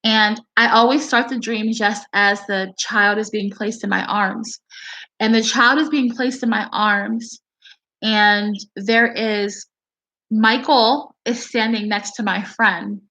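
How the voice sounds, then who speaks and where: A woman vlogging to her viewers in a casual, rambling, excitable way, swearing now and then. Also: mid-range voice, takes it slowly, rough recording. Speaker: video blogger.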